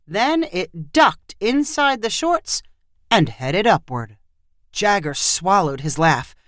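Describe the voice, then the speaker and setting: Expressive woman reading a story. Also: lowish voice, takes it slowly, no echo, studio quality. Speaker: narrator. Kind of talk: storybook narration.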